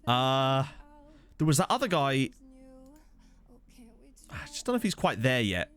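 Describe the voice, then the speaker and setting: Here a man with a medium-pitched, smooth, fairly bright voice talks in a sing-song way at a measured pace. Streaming a football management game on a desk USB condenser mic, he chats casually, jokes, and answers viewers.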